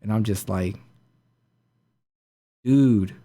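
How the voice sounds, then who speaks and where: A man's voice: fairly low pitch, moderate pace, dark tone. A man hosting a podcast, retelling a story in a casual, rambling way full of fillers and restarts. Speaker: podcast host.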